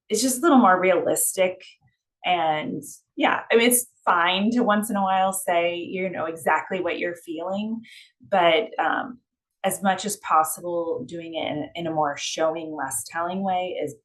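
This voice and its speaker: A woman editor explaining writing tips in a loose, conversational way. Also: fairly low pitch.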